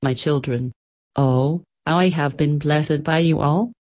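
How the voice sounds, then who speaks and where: An old man near the end of his life, a warm-hearted artist saying gentle, heartfelt goodbyes, read by a woman. The voice is low and soft. It belongs to a quiet storybook. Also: measured pace. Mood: tender. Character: dying old male artist, loving and grateful.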